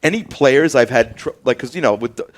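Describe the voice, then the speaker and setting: A man's voice: mid-range voice, a little fast. A man hosting a podcast, telling a story in casual chat with lots of fillers and restarts, acting out what people said. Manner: rambling, acts out quoted dialogue with many fillers. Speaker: podcast host.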